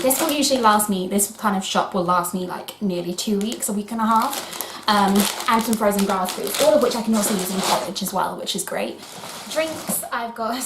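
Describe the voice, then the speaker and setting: A chatty young woman talks casually to her camcorder, peppering her talk with ums and quick corrections. Her voice sits at an ordinary middle pitch. The kitchen rings with echo, and a clear hiss of noise runs underneath. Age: early 20s. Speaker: vlogger. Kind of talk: casual chat to camera. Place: home kitchen, indoors. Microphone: camcorder mic. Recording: echoey room with clear background noise.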